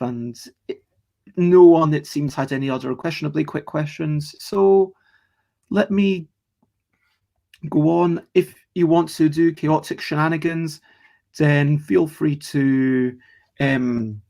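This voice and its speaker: A man's voice: a little high, vocal fry, a little mellow. A man hosting a casual live stream, rambling chattily about board games and greeting viewers in the chat as he goes. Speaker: streamer and host.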